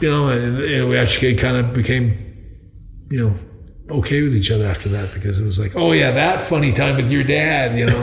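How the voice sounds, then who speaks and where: Telling a rambling, casual story as a podcast guest, this older man from Canada keeps starting over and chuckling at his own anecdotes. His medium-pitched voice is creaky. An echoey room and a little hiss or hum color the recording.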